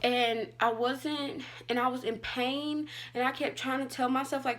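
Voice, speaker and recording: A woman's voice: high voice, fairly even intonation, measured pace, a bit bright. A young adult woman vlogging, telling a personal story in a casual, chatty way with lots of "like". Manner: chatty, fillers like "like" and "all like".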